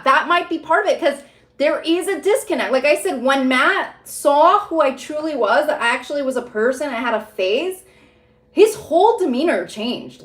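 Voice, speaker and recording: A woman's voice: medium pitch, a bit bright. A woman psychic reader talking in a casual, rambling way, full of fillers and frequent laughter. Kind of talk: casual spiritual vlog talk. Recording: roomy echo.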